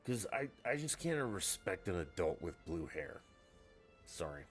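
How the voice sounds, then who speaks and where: A man's voice: low-pitched, sing-song, a little slow, faint music behind. A man chatting casually on a live game stream, rambling and swearing freely after a few drinks. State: has been drinking.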